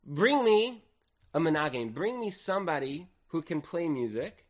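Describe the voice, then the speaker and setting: Man, fairly high voice, lively Torah lesson, dramatic storyteller, voice rises and drops in loudness. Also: normal speed. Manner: dramatic storyteller, acts out quoted speech with swings in loudness. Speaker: Torah teacher.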